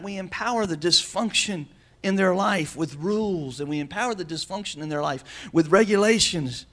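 A man's voice: high-pitched, fairly bright tone. A male pastor giving a sermon in a conversational way, calling out to the congregation with questions. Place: church.

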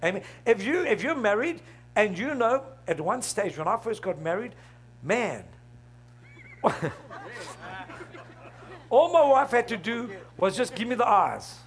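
A man's voice: high voice, very animated, unhurried, pauses often, a little hiss or hum. A middle-aged man preaching a sermon, asking the congregation questions and laughing along with them. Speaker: pastor.

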